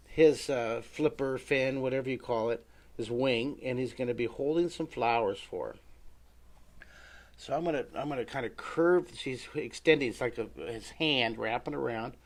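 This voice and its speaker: A man's voice: medium pitch, normal speed. A middle-aged man leading a live drawing lesson, chatting to viewers and talking himself through each sketch. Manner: chatty, talks to himself while sketching, greets viewers by name. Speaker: drawing teacher.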